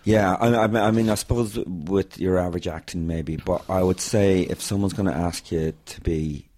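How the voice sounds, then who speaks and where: Low-voiced man chatting. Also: normal speed, dark tone. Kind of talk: casual chat.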